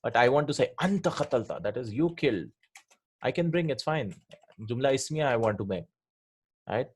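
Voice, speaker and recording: A man at a middle pitch walks students through grammar, pausing with "right?" and "hmm?" after each point. He is patient and methodical, repeating forms slowly so they sink in. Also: lively intonation, slight background noise. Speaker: Arabic grammar teacher.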